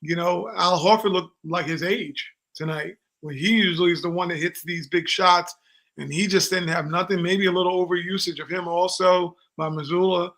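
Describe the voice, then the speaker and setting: A man co-hosting a casual sports podcast, talking in an animated, jokey way, with boastful trash talk. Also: high voice, normal speed. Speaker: podcast co-host. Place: home studio on a live stream.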